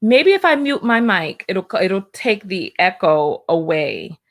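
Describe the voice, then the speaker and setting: A woman's voice: medium pitch, sing-song, measured pace. Flustered woman hosting a reaction video. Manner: flustered, stammering, exasperated. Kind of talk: casual reaction commentary.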